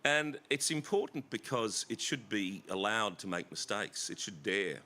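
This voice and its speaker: A middle-aged Australian man speaking as a guest in an onstage conversation, animated and self-deprecating, often stammering and restarting. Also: fairly low pitch, measured pace. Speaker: festival guest actor. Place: festival stage.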